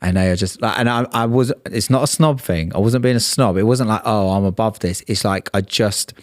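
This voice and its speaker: A man's voice: mid-range voice, fairly quick, no echo, clean studio sound. A man co-hosting a podcast, telling stories casually with lots of fillers. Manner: relaxed storytelling, many fillers. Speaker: podcast co-host. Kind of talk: casual chat. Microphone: studio podcast mic.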